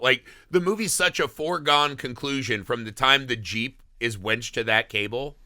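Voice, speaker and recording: Animated, profane man riffing on a movie. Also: mid-range voice, moderate pace, few pauses, dry recording, studio quality. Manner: animated, profane, rambling with acted-out quotes. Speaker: podcast co-host. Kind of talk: casual movie review chat.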